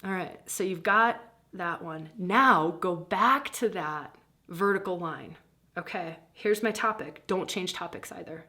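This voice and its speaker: A middle-aged woman teaching a guided spiritual practice in a breezy, animated way, laughing often and acting out inner voices. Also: lowish voice, measured pace.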